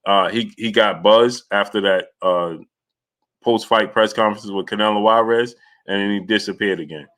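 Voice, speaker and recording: Bright-voiced man hosting a casual stream. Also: low voice. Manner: loose and rambling, with many filler sounds and restarts. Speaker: boxing talk show host. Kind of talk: casual live-stream chat, greeting viewers by name.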